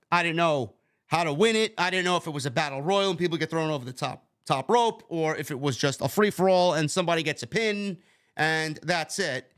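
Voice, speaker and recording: A man with a Bronx accent co-hosting a casual wrestling review, talking in an animated, profane and sarcastic way. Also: high-pitched. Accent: New York (Bronx). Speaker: podcast co-host.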